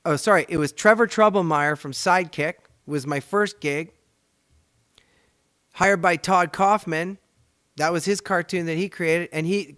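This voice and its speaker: Smooth-voiced, animated Canadian man hosting. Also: a little high, no room sound, clean studio sound. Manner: animated, rambling, chatty. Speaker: podcast host and voice actor. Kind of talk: casual storytelling chat.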